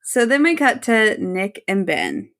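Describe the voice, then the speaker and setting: A woman's voice: medium pitch, huge pitch swings, a little slow, fairly bright tone. A woman co-hosting a casual podcast chat, animatedly retelling scenes, acting out lines, swearing freely and laughing often. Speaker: podcast co-host.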